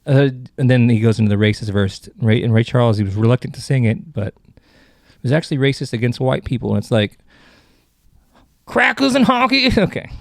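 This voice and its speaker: A man's voice: mid-range voice, brisk, warm tone, dry recording, clean studio sound. A man hosting a comedy podcast, rambling through jokes and cutting himself off mid-sentence. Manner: rambling, self-interrupting, joking. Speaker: podcast host.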